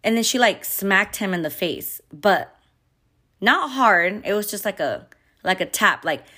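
A woman venting in a candid storytime vlog, her words thick with profanity and restless fillers. She speaks as a mother who is upset and fed up. Her voice sits at an ordinary middle pitch for a woman. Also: expressive, a little slow, pushed and bright.

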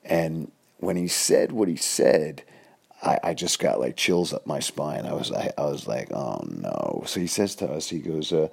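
A man's voice: a bass voice, lively intonation, moderate pace, creaky, a little mellow, slightly rough. A man, telling a rambling podcast story full of fillers and restarts. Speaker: podcast host. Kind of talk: casual storytelling monologue.

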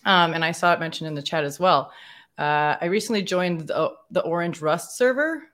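A woman guest on a casual panel chat, telling stories in a chatty, animated way. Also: lowish voice, moderate pace.

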